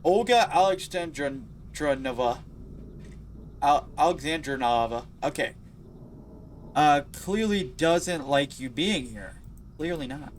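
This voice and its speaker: A man giving let's play commentary on a horror game, excitable and talking back to the game characters. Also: a little high, unhurried, slight background noise. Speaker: gaming video creator.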